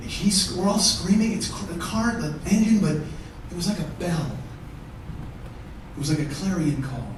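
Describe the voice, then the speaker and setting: A man's voice: high-pitched, normal speed. Profane man telling a story on a theatre stage. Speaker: comedian. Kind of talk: one-man show storytelling. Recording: roomy distant theatre recording, audible noise.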